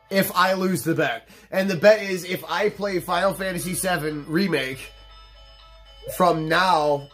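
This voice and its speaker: A man's voice: a little high, husky. Rambling stoned young man over game music. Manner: rambling, profane, laid-back. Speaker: let's play host. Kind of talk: casual gameplay commentary.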